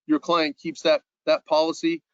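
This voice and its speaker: A man's voice: a little high, completely flat delivery, moderate pace, no echo, lo-fi sound. A man giving an insurance sales presentation in a webinar, earnest and repeating words as he restarts his phrases.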